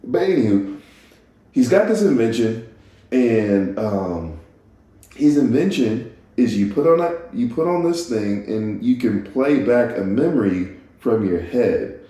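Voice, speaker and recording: A man's voice: medium pitch, animated, unhurried, mellow. A man hosting a solo podcast, musing casually and rambling, stopping and restarting and laughing at himself. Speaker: podcast host. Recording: echoey room.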